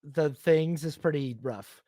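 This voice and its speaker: Brief: male podcast host, higher register, dry close sound, lively and jokey, quotes characters in put-on voices. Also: slow pace, no room sound. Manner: animated, acts out characters in silly quoted voices. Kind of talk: casual film podcast chat.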